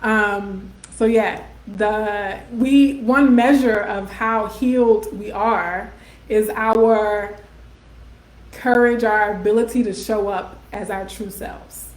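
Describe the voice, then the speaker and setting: A woman's voice: medium pitch, fairly even intonation, slow. A woman, hosting a casual live stream in a chatty way, often checking in with "right?" and "y'all" as she reads viewer comments aloud. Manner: warm conversational, frequent "um", "right?" and "y'all", laughs often. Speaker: host of a live video series. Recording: echoey room.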